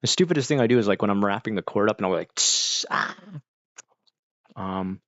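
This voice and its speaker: A man's voice: on the low side, very fast, dry recording. A middle-aged man streaming live, chatting casually with viewers in a rambling, laid-back way, full of "like" and "dude". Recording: dull, dry lo-fi mic.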